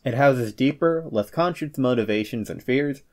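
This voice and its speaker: A man hosting a scripted psychology explainer, reading with playful joking asides and quick comic character voices. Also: mid-range voice, a little mellow. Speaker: host of a personality-psychology channel.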